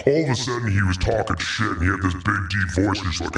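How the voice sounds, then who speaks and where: A man's voice: low-pitched, fast, hardly any pauses, a bit bright, roomy sound, recorded from a distance. A man leaving a mocking voicemail, trash-talking another caller.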